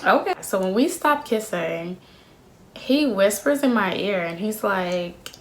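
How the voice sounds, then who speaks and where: A young woman in her twenties telling a story to her phone camera in a casual, slangy, animated way, laughing often. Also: medium pitch, measured pace. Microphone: phone camera at arm's length.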